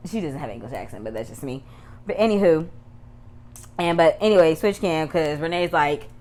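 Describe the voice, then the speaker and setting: Low-voiced woman recapping a TV show. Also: normal speed, darkish tone, slight background noise. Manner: chatty, rambling asides, grows heated. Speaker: YouTube TV reviewer. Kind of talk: casual recap and commentary.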